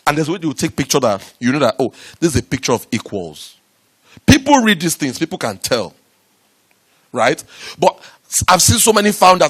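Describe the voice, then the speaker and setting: A man giving a lively motivational talk to a live audience about raising startup money, repeating himself and rising to loud, emphatic bursts. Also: on the high side, fairly quick, slightly rough. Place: event room with an audience.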